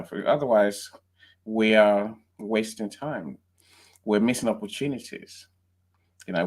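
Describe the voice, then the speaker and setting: A man from England speaking as a guest on a video call, friendly and conversational, often saying "you know" and "right". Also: on the low side. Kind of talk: casual talk on a call.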